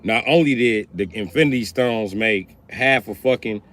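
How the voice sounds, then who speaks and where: A man's voice: lowish voice, moderate pace, a bit bright. A man chatting casually on a livestream, talking in a loose, profane, rambling way.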